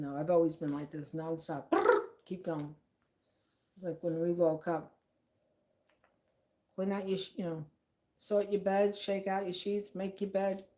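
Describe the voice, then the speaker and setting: Middle-aged lady vlogging, kinda low voice, drawn-out slow talk, sarcastic and rambly. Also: a little mellow. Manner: sarcastic, meandering, many fillers. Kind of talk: casual rambling commentary.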